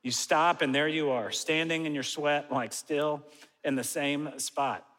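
A pastor in his forties giving a conversational sermon, animated, with self-mocking asides. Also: a little high, measured pace, long reverb tail, low-quality recording. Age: 40s.

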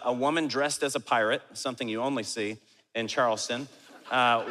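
Man, pastor, bright voice, long hall reverb, animated storytelling sermon. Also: mid-range voice. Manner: animated storyteller, acts out quotes.

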